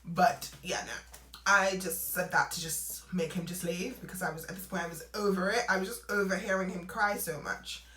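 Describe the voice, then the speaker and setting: Young adult woman, casual storytime vlogger, lively and laughing; bright tone, roomy echoey room. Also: lowish voice, moderate pace, slight background noise. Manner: animated, laughing, acts out quotes. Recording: roomy echo, away from mic.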